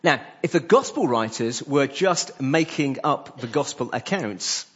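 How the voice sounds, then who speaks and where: A man gives a church sermon in a husky voice at a middling pitch. He talks in short phrases broken up by frequent "uh" fillers. The sound is dull and muffled. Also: expressive, a little slow, a bit bright. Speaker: preacher.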